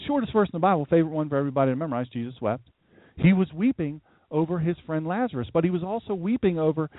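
A man preaching a casual, animated sermon, his voice a little high for a man. The sound is tinny and thin, as if heard over a phone line, with no room echo at all. He acts out voices as he tells his stories. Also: racing. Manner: animated storytelling, acts out voices, jumps to high pitch for emphasis. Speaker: pastor.

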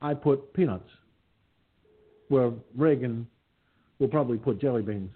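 A man putting on a folksy older male ex-president, talking briskly. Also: mid-range voice, husky. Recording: phone-like lo-fi line.

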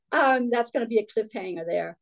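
A middle-aged Danish woman, whose first language is Danish, tells her life story as an interview guest, candid and rambling with restarts. Her voice is on the high side and gravelly, and the recording quality is low.

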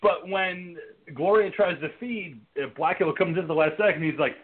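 A man's voice: high voice, brisk, background noise. A man hosting a casual horror film review podcast, laughing often and swearing freely as he retells scenes. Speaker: podcast host. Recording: tinny phone-like line.

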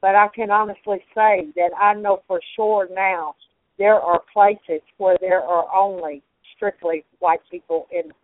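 An older woman hosts in a blunt, rambling way, full of pauses and fillers. She comes through a thin, phone-like line. The recording is dry. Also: medium pitch, steady tone, dry recording. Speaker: host. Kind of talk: casual conversation.

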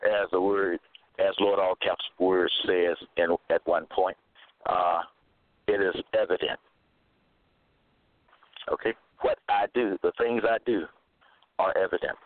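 A man giving a slow, repetitive religious monologue, halting with fillers and stressing his points. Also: sits low, steady tone, dry recording. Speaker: self-styled preacher. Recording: tinny phone-like dry recording.

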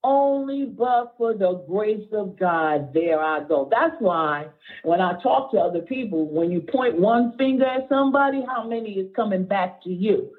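A woman's voice: medium pitch, animated, measured pace, slightly rough. A middle-aged woman pastor preaching a sermon with passion, at times close to tears, calling for responses from the congregation. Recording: tinny phone-like audio.

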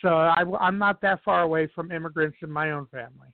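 A man's voice: on the high side, steady tone, fast talker, dry recording. A man as a podcast guest in casual chat, rambling through anecdotes with many restarts. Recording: dry tinny phone-like sound.

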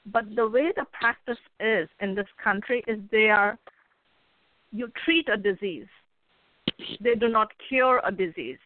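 A woman's voice: medium pitch, unhurried, no echo. A woman author and coach, the interview guest, giving earnest advice and telling folksy stories. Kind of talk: casual interview talk. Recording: phone line with faint noise.

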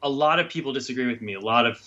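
A man as a guest comics writer in a casual interview, rambling and halting with many restarts. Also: medium pitch, pushed and bright. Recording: dull lo-fi sound.

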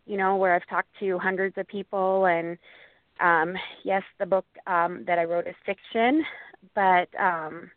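A woman's voice: on the low side, steady tone, no echo. Earnest woman on a tinny phone line. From Montana, USA. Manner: earnest, halting storytelling with many restarts. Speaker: guest, Bigfoot researcher and author. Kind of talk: interview storytelling.

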